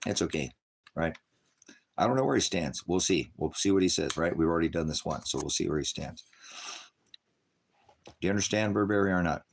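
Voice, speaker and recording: Low-voiced male street-style preacher, rambling, chuckling, sarcastic. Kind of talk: casual livestream preaching.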